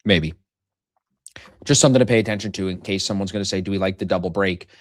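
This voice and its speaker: A man's voice: low voice, fast talker, no room sound, studio quality. A man in his thirties hosting a live trading stream, brash and joking, swearing freely in casual chat.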